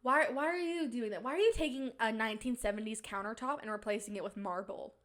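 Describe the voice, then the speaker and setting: A woman's voice: fairly high pitch, quick pace, fairly bright tone. A woman hosting a podcast in casual, rambling chat, giggly, with playful mock-indignant rants. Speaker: podcast host.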